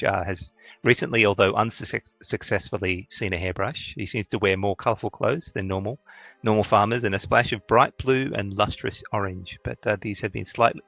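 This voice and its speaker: Halting man running a tabletop game. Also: on the low side, gravelly, a bit bright, no room sound. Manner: halting, many fillers and restarts. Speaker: game master.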